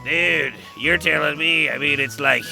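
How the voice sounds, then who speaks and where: A man's voice: fairly high pitch, a little slow, vocal fry, music in the background, pitched above the performer's own voice. A man playing an adventurer disguised as a goblin, chatting in buddy-buddy slang. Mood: friendly.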